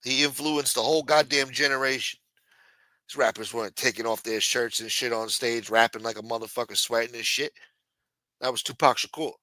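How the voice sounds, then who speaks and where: A man's voice: medium pitch, fairly even intonation, a little fast, sharp tone, no echo, rough recording. A man hosting a late-night talk show, ranting bluntly with lots of profanity. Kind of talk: casual talk-show rant.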